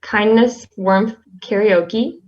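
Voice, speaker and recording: A young woman reads a tribute poem aloud, soft-spoken and halting, with fillers between phrases. Her voice sits at an ordinary middle pitch. The audio is slightly dull and lo-fi. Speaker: class representative.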